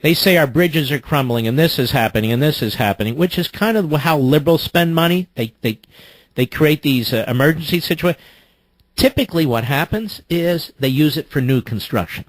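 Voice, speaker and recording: A man's voice: on the high side, expressive, no room sound. Emphatic male talk radio host. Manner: emphatic, opinionated, quick rapport with callers.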